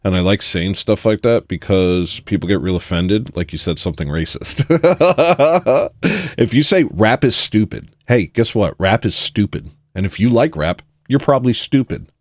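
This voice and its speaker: Deep and low, this male podcast host's voice carries a blunt, provocative rant peppered with mocking asides, delivered in a casual, opinionated monologue. He is animated, keeps a moderate pace with few pauses, and the sound is dry and close without room echo.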